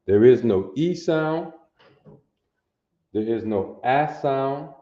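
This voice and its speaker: Male teacher, slow and patient, lower voice, sounds out syllables; muffled, echoey room recording. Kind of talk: classroom lesson.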